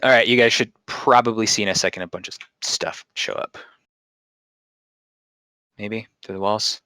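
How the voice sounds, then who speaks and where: A man's voice: lowish voice, moderate pace, bright, forceful tone, no room sound. A man narrating as game master on a live stream, rambling and self-deprecating with many fillers.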